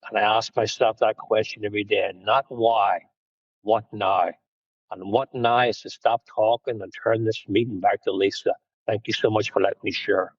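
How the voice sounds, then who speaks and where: A man speaking slowly and earnestly as he closes his share in a recovery meeting on a video call. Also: fairly low pitch, fairly even intonation, slightly rough, no echo, dull audio. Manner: slow, earnest, reflective. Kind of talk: closing a personal share.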